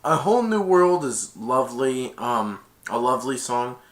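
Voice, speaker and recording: Casual film reviewer, rambling retelling, animated pitch. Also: male voice, normal speed. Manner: rambling, lots of "and then".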